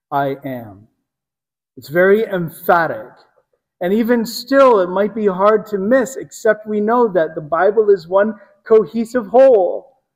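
A man preaching a sermon, teaching earnestly with slow, emphatic phrasing. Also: high voice, long reverb tail. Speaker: pastor.

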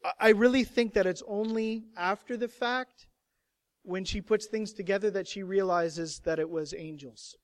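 High-pitched man preaching expressively. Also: moderate pace, no room sound. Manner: expressive, swings from hushed to emphatic. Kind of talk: sermon.

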